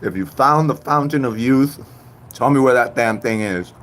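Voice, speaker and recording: A man in his thirties from Puerto Rico, chatting and joking with viewers on a live stream, jumping from loud outbursts to low mutters. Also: normal speed, a little hiss or hum. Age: 30s. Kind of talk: casual live-stream chat.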